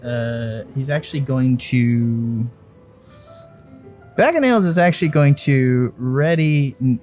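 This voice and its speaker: A man's voice: medium pitch, darkish tone. A man running a tabletop game as dungeon master, talking loosely with fillers and swearing.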